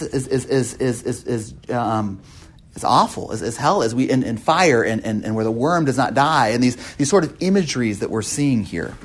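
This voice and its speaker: A man's voice: on the high side, breathy edge. A man leading a Bible study class, often repeating words as he works through a point and asking the group questions.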